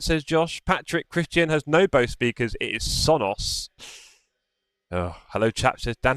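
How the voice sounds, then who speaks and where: A man's voice: medium pitch, big pitch swings, moderate pace, a bit bright, no room sound, clean studio sound. A man hosting a live sim racing stream, chatting casually, teasing and reading the chat aloud. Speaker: stream host.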